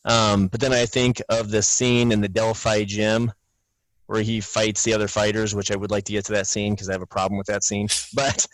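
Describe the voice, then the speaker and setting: A man with a fairly low voice discusses a film in casual podcast talk, recorded dry with no room sound. He recalls scenes one by one and analyzes them. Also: little pitch movement, brisk, no room sound, poor audio. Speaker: podcast co-host.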